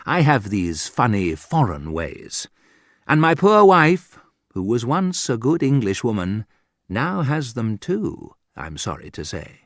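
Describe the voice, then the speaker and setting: A man reading a humorous book aloud in a dry, wry manner, with sudden lifts in pitch. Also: very animated, slow pace, no echo. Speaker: audiobook narrator. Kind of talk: scripted humorous narration.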